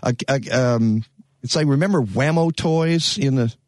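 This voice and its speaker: Animated man hosting talk radio. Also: mid-range voice, a little slow, dry recording, clean studio sound. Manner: animated, rhetorical, many fillers. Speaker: radio talk show host. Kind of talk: talk radio chat and read ads.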